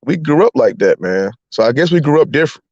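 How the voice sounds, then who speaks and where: A man in casual chat, talking animatedly and laughing, his voice jumping high when he gets worked up. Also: sing-song, fast talker, darkish tone, dry recording, muffled recording.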